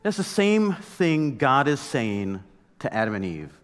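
A man in his thirties preaching a sermon in a conversational, animated storytelling way, with mock outbursts. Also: medium pitch, unhurried, in a large hall. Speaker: pastor.

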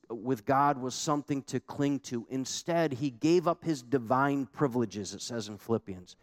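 A man preaching a sermon as pastor, emphatic and conversational, with many rhetorical questions to the congregation. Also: mid-range voice.

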